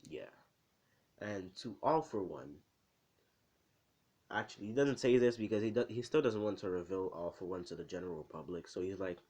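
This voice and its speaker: Low-voiced man rambling through a story. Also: expressive, brisk, mellow. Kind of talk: casual fan story retelling.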